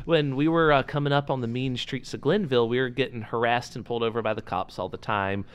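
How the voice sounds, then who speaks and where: A man's voice: mid-range voice, fairly even intonation, fast talker, clean tone. A man co-hosting a casual podcast, giving blunt opinions with jokes and casual swearing. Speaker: podcast co-host.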